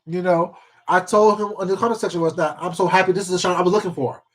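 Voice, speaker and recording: High-voiced, blunt, profane man ranting. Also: fairly even intonation, quick pace. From Washington State. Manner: blunt, profane and emphatic, repeats himself, greets viewers by name. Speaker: mukbang YouTuber. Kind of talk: casual live-stream rant while eating.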